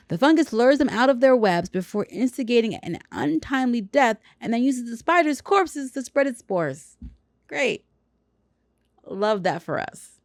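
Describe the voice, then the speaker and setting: A woman podcast host with a voice on the high side reads a science news story aloud, with no room sound. She keeps breaking off for dry, sarcastic, wry asides.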